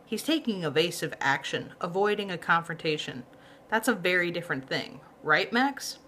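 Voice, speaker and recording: A woman's voice: fairly low pitch, animated, moderate pace, pushed and bright, slight background noise. A woman voicing a stern, serious older grandfather who talks dry and impatient.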